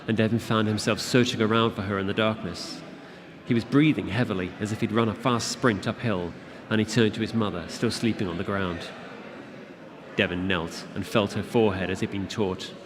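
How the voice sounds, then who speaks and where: A man with a fairly low voice reads a fantasy novel aloud in a steady, measured way. A long hall echo carries his voice, and a listening audience is clearly present in the room. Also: a crowd in the background. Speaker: author reading his book. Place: convention event room.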